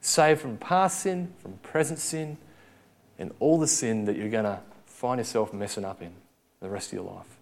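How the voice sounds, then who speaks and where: A man's voice: lowish voice, normal speed, creaky. A young man preaching a sermon, telling a story in a conversational way and acting out the quotes.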